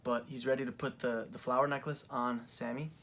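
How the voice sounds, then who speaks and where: A young man in a casual commentary vlog, recapping events in a loose, rambling way full of ums and likes. His voice sits at an ordinary middle pitch, and a chair creaks under him as he talks. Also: level tone, a little fast, fairly bright tone. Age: young adult. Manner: rambling, filler-heavy retelling. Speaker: wrestling fan reviewer.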